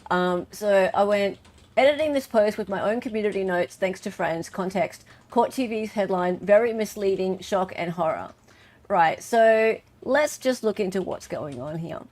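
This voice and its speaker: A woman with an Australian accent hosting a casual livestream, chatty and lively as she reads out chat messages and posts. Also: mid-range voice, moderate pace. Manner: chatty, animated, reads chat aloud with laughs. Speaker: livestream host.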